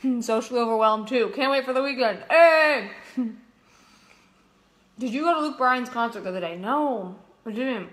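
A woman's voice: a little high, moderate pace, pauses often. A young woman livestreaming from her kitchen, chatting casually, reading comments and breaking into song. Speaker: livestream host, singer. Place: home kitchen.

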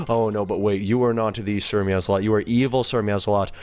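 An excitable, jokey man giving let's-play commentary on a game as its host, gasping and squealing as he plays, over faint background music. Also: on the low side, fairly quick. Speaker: gaming video host.

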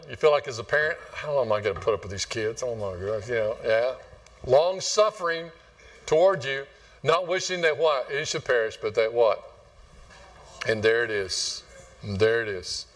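In a church sanctuary, a West Texas man who pastors the congregation preaches a folksy, rambling sermon and quizzes his listeners. His voice sits at medium pitch and the mic is distant.

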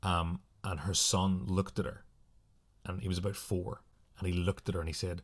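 A man's voice: deep voice, little pitch movement. A man co-hosting a podcast, casually reading out short spooky anecdotes with playful asides. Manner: chatty, playful, quick asides. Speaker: podcast co-host.

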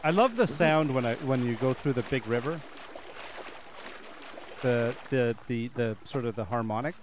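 A man's voice: mid-range voice, animated, normal speed, background noise. A man chatting easily with friends while he plays a survival game. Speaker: co-op player. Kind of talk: casual gaming chat.

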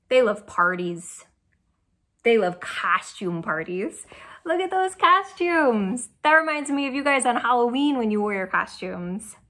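Lively woman reading a picture book. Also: fairly high pitch. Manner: animated, asks children questions. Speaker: children's storyteller.

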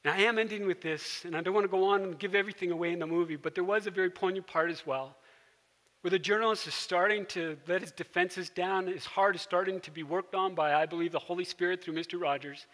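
A male pastor delivers a sermon in a high, sharp, bright voice. He tells it like a story and sinks into a gentle hush at quiet moments. His voice rings with the long reverb of a church hall. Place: church sanctuary.

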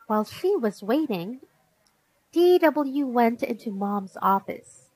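A woman narrating a children's picture book aloud in a measured, expressive way. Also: a little high, dry recording, low-quality recording.

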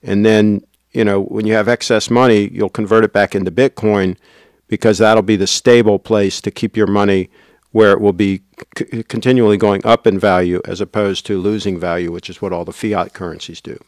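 Low-voiced man chatting on a livestream. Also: fairly even intonation, normal speed, no room sound, clean studio sound. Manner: chatty, rambling, reads viewer comments. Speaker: livestream host. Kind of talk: casual livestream chat.

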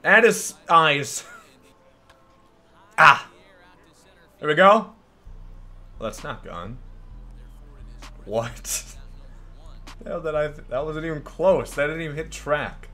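A man giving casual, joking commentary over his gameplay as the host of a gaming channel, rambling through sarcastic asides and shouting at big plays. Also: a little high, lively intonation, slow pace, pauses often.

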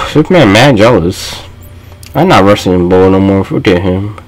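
A young man giving casual, excitable gaming commentary, trash-talking his opponent with sudden yelps. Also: low-pitched, unhurried, music in the background. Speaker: gaming channel host.

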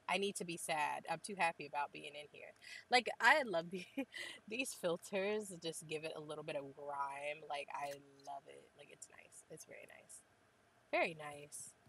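A woman's voice: low voice, a bit bright, slightly rough, low-quality recording. Chatty young woman gushing over a game. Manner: chatty, gushing, says "like" constantly. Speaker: gaming channel host. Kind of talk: casual game tour commentary.

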